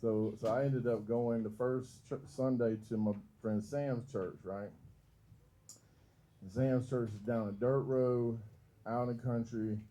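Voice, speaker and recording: A man's voice: medium pitch, steady tone, a little slow, warm tone, low-quality recording. A young man doing stand-up at a comedy club open mic, loose and profane, laughing at his own jokes. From Georgia, US. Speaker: stand-up comic.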